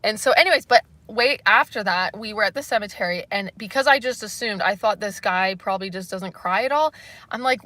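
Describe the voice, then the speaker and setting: A young woman from Canada chatting casually on a livestream, rambling through stories and reading comments, full of "like" and quick laughs. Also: fairly high pitch, pushed and bright, dry recording. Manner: rambling, laughing often, lots of "like". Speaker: livestream host.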